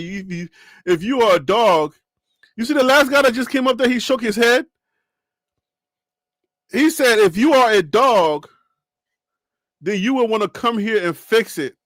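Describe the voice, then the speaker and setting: High, lively man reacting to sports. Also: dry recording, clean studio sound. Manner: animated, joking, repeats himself. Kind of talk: live reaction commentary.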